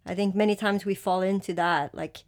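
A woman's voice: medium pitch, fairly even intonation, fairly quick. A woman co-hosting a podcast in casual chat, a supportive listener who affirms often. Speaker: podcast co-host.

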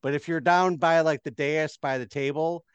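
A man narrating as game master, halting and full of fillers. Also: a little high, fairly even intonation, clean tone, dry recording, highs cut off.

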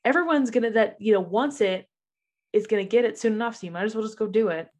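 A woman's voice: a little high, fast talker. Chatty young woman. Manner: chatty, many fillers like "like". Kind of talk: casual chat.

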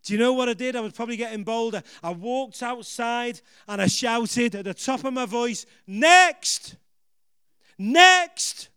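A man preaching a sermon, energetic and rousing, building up to shouts and laughing at himself along the way. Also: extremely high pitch, a little fast, few pauses, clear, resonant tone, no echo, studio quality. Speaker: pastor.

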